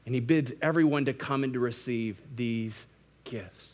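A male pastor preaching a sermon, moving between quiet intimate passages and loud emphatic climaxes, with repetitive preaching cadence. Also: medium pitch, normal speed.

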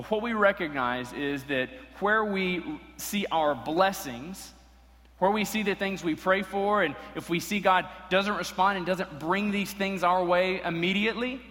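A man's voice: fairly high pitch, sharp tone. A man preaching a sermon as pastor, earnest and emphatic, repeating key lines for weight. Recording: long hall reverb.

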